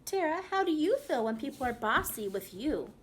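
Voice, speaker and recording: Brief: a kind, patient storybook teacher, read by a woman, calm and reassuring, with a lively high voice. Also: normal speed, slight background noise. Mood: gentle. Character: gentle patient female preschool teacher. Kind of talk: storybook reading for children.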